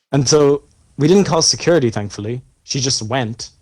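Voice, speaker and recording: A man's voice: mid-range voice, expressive, a little slow, a little mellow, no echo. A young Irish man co-hosting a podcast, telling a long story in a rambling, profane way with plenty of fillers. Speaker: podcast co-host. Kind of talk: casual chat.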